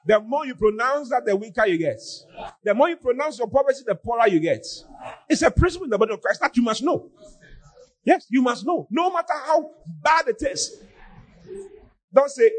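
A man preaching a sermon as pastor, often mimicking his congregants in an animated way. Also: extremely high pitch, moderate pace, long pauses.

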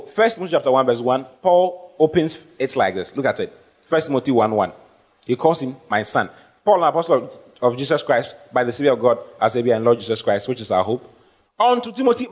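A man preaching as pastor, emphatic and call-and-response, often asking the congregation to answer. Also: medium pitch. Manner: emphatic, rising to stressed phrases, asks the congregation questions. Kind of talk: sermon with audience questions.

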